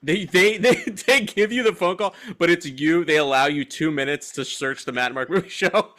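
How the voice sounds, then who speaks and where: A man's voice: fairly high pitch, animated, normal speed, a bit bright. A man co-hosting a movie podcast in casual, joking banter. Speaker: podcast co-host. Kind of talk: casual chat.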